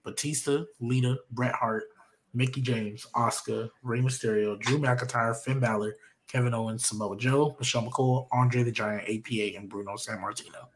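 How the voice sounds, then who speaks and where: A man's voice: medium pitch, fairly even intonation, moderate pace. A man on a casual group podcast, laid-back and repeating phrases as he reads a list and asks for trades. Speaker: podcast co-host.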